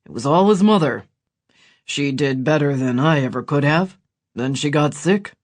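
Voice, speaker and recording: A man voicing Gideon, an earnest ex-soldier older brother, in a quiet, measured audiobook reading. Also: on the high side, expressive. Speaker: audiobook character voice.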